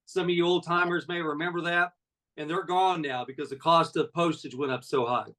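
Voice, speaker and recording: A man's voice: a little high, fairly even intonation, a little fast, a bit bright, far from the mic, poor audio. A man in his sixties, a network marketing leader, giving a folksy, conversational motivational talk full of personal stories.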